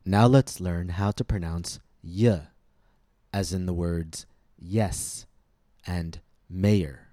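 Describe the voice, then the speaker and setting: A man hosting a scripted pronunciation lesson, speaking slowly and deliberately with careful articulation. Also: low-pitched, warm tone, no room sound, clean studio sound. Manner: slow, deliberate, clearly articulated instruction. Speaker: host, pronunciation teacher.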